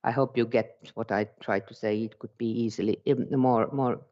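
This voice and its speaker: A man with a Finnish accent, a Finnish native speaker, giving a conference presentation on education, halting and searching for words in a second language. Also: mid-range voice, fairly even intonation, a little mellow, dull audio.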